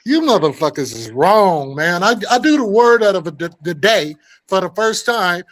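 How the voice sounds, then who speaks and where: An older man co-hosting a casual morning show, ranting loudly and joking with heavy cursing. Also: sits high, very animated, moderate pace, few pauses, rough recording. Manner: loud, profane, joking rants. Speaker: co-host.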